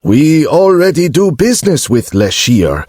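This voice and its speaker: A man's voice: on the high side, sing-song, a little slow, darkish tone, husky, no room sound, studio quality, pitched above the performer's own voice, heavily acted. A man voicing a curt, commanding male guard at a fortified base.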